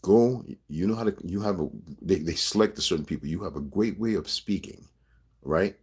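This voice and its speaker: A man with a very deep, low-pitched voice speaks straight to his audience in a rambling personal monologue. He swears freely and presses his points hard, with a conspiratorial edge. He keeps checking in with his listeners to ask whether they follow him. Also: normal speed, darkish tone, breathy edge. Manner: profane, emphatic, conspiratorial rant. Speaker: video blogger.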